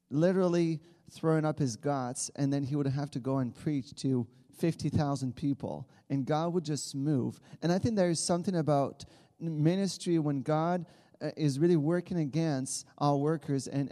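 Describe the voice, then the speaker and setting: A campus missionary in his thirties from Quebec, a native French speaker with a Quebec French accent, gives an earnest church talk full of restarts. His voice is fairly high and mellow, with a big-room sound.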